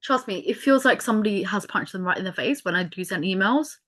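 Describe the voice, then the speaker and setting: A woman's voice: mid-range voice, expressive, quick pace, a bit bright. A young woman hosting a podcast, talking candidly and correcting herself, swearing freely. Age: young adult. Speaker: podcast host. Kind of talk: casual chat.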